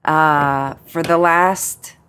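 A woman, a hairdresser, co-hosting a casual chat show, speaking hesitantly with many pauses and fillers. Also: deep voice, fairly even intonation, fairly bright tone, a little hiss or hum. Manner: hesitant, full of ums and pauses. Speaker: podcast co-host, hairdresser.

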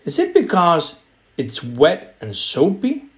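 A man voicing a cheerful father gently coaxing his son in a storybook reading, asking playful questions. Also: on the high side, wildly swooping pitch, takes it slowly, full character voice.

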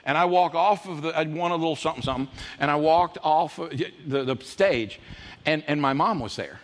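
A man in his fifties preaching a sermon, telling folksy personal stories and jumping into high voices when he quotes people. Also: fairly quick. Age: 50s. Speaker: pastor. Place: church auditorium. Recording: reverberant church hall with faint ambience.

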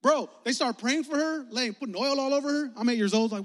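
High-voiced joking youth pastor, reverberant sanctuary. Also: male voice, animated, fast talker, a bit bright. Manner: joking, slangy, acts out voices in stories. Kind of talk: lively comedic youth sermon. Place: church sanctuary. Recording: long reverb of a church sanctuary.

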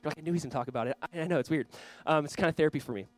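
An earnest male pastor from Southern California delivers his sermon in a chatty, storytelling way, his voice sitting a little high for a man. The sound is dry and close, with no room around it. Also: rapid-fire, dry recording. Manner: earnest, conversational, swings from loud reading to quiet prayer; storytelling with self-deprecating asides.

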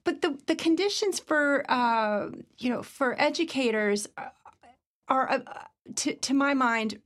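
A woman's voice: high-pitched, lively intonation, unhurried, fairly bright tone. A middle-aged woman from Virginia, a guest on a casual podcast, who chats with frequent fillers and laughs often.

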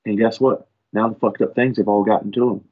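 Man, husky low voice, profane animated storyteller, dull lo-fi sound. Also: a little fast. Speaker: firefighter guest. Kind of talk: casual storytelling on a podcast.

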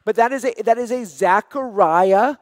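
High-voiced earnest pastor preaching. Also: male voice, moderate pace, darkish tone, no room sound, studio quality, big-room sound. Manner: earnest, repeats phrases for emphasis. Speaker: senior pastor. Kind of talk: sermon.

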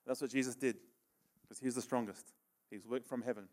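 A man's voice: mid-range voice, fairly even intonation, quick pace, a little mellow. A middle-aged man preaching a casual sermon, often checking in with "okay?", laughing between points and leading a live demonstration with a volunteer.

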